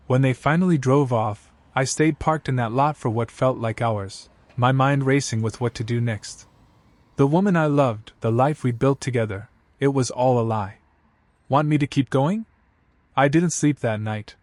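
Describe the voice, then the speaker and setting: A man's voice: medium pitch, no room sound. Man narrating a story, dry close sound. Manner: steady, dramatic storytelling. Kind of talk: scripted first-person narration.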